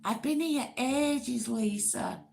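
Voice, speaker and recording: Host type: woman with a Greater Manchester accent, slow and low, creaky, rambling chat. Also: a little mellow. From Oldham, England. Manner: chatty, rambling with fillers and restarts. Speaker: livestream host. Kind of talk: casual live chat reading comments.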